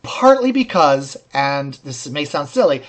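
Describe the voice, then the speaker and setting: Male co-host with a slightly raised pitch, articulate and wry. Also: sing-song, measured pace. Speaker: co-host reviewing a series. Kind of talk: casual review chat.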